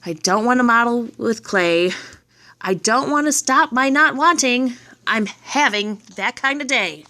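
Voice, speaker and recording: Woman, reader, children's poems read aloud, lively, expressive, bright tone. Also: a little high, a little slow.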